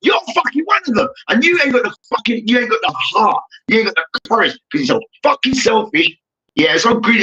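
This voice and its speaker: A man's voice: sits high, animated, fast, bright, forceful tone. A young man hosting a heated sports debate, ranting and swearing as he talks. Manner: ranting, profane, repeats "hear me now". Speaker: debate show host. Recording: dull lo-fi recording.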